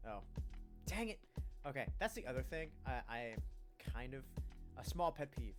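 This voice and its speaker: A man's voice: mid-range voice, sing-song, moderate pace, long pauses, music in the background. A man casually talking through a story game, rambling and poking fun at himself. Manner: rambling, self-deprecating, many restarts. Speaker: gamer. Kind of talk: casual gameplay commentary.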